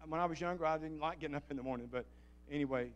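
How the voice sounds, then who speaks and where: A man's voice: fairly high pitch, very fast, lo-fi sound. A man preaching a fervent sermon as pastor, calling out to the congregation for responses. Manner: fervent, calls for audience response.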